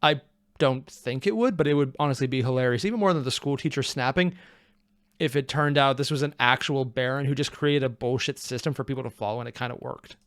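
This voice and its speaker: Reaction host, man, wry and chatty, dry close sound, mid pitch. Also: fast talker, dry recording. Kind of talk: casual reaction commentary.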